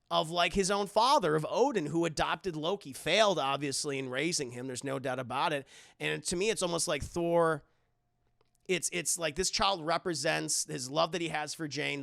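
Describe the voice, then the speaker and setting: Animated man with a gravelly high voice. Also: dry recording, clean studio sound. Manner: animated, swears often, rambling with restarts. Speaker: streamer, film reviewer. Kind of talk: live-streamed film review chatting to chat.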